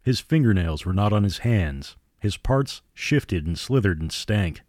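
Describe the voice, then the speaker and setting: A man hosting a horror podcast, reading the story in a theatrical, measured way. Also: deep voice, lively intonation, a little mellow, no echo, clean studio sound. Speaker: podcast host and narrator. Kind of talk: dramatic horror narration.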